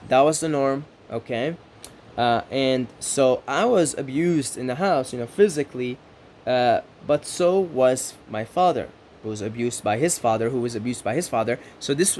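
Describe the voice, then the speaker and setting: Earnest man with a faint hiss behind. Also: mid-range voice. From Middle East. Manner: earnest, repeats "right?" as a check-in, rhythmic lists. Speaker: spiritual self-help speaker. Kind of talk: reflective monologue to camera.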